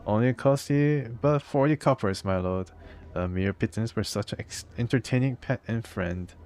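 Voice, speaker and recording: A man reading out the lines of a flattering male street merchant selling pets in a video game. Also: mid-range voice, moderate pace, close to an everyday voice. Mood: salesy. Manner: polite, salesy, flattering.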